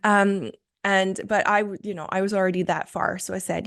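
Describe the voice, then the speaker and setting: A woman's voice: mid-range voice, steady tone, normal speed, vocal fry, a bit bright. A woman hosting a solo podcast, telling a personal story in an enthusiastic, chatty way with frequent fillers. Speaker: podcast host.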